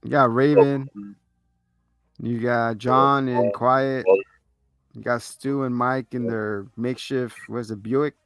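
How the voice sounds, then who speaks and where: Casual male co-host, animated recap style, dry close mic with faint music under. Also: mid-range voice, clear, resonant tone, no room sound. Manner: animated, acts out characters' lines in quick bursts. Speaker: podcast co-host.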